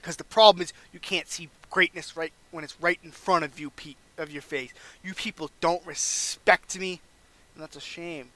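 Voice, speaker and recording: A man's voice: a little high, fairly even intonation, normal speed, bright, forceful tone. A man voicing a cocky young male wrestler cutting a smug, taunting promo in a wrestling game playthrough.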